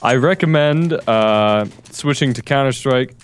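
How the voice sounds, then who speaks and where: A man's voice: mid-range voice, unhurried, slight background noise. A man chatting casually while playing, with dry, grumbling asides. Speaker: co-player. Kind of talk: casual gameplay chat. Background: game gunfire.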